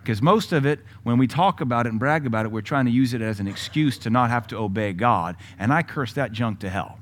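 A man's voice: mid-range voice, fairly quick. Blunt, combative male preacher. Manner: blunt, combative preaching with sudden loud bursts and asides; mocking mimicry of other voices. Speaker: pastor. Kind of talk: sermon.

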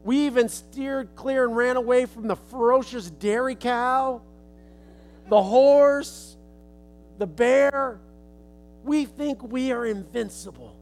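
High-voiced male preacher telling a story. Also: takes it slowly, faint music behind. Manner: casual, folksy retelling. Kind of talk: storytelling sermon illustration.

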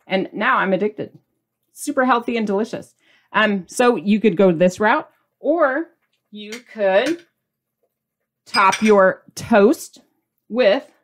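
A middle-aged woman hosts a casual home cooking video in a bubbly, chatty way. She tastes the food as she goes and sometimes talks with her mouth full. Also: medium pitch. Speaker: cooking channel host.

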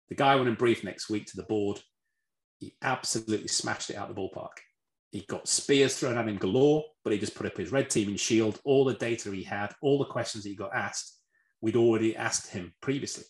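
A man, a red team leader, answering a question with animated stories and restarts. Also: on the low side, a little fast. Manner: animated, repeats words when starting, acts out voices. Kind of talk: storytelling answer in a talk. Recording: roomy echo.

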